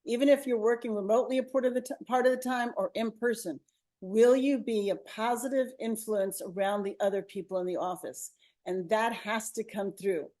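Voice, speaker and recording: A woman's voice: fairly high pitch, brisk, dark tone. A woman co-hosting a webinar, giving upbeat interview coaching over a video call with a clip-on mic. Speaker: co-host, media coach. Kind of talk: webinar advice talk. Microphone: lavalier on a video call.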